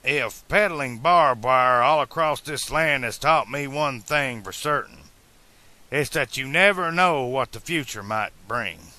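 A man's voice: mid-range voice, unhurried, pushed and bright, pitched above the performer's own voice. A man reading an audiobook, voicing a jovial, concerned traveling barbed-wire salesman.

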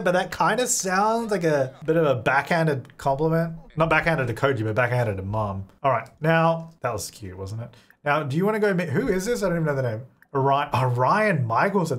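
A young man hosting a life-sim let's play, chatty and laughing often as he plays. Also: fairly high pitch. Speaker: gaming channel host.

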